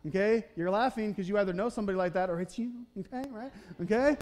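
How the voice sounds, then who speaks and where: A man's voice: high-pitched, quick pace, few pauses, a little mellow. A man preaching a conversational sermon in a church. He keeps checking in with the congregation and briefly acts out the voices of the people in the story. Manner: conversational preaching, often checking in with "okay? right?"; acts out the Bible characters' voices in short quotes. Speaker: pastor. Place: church sanctuary.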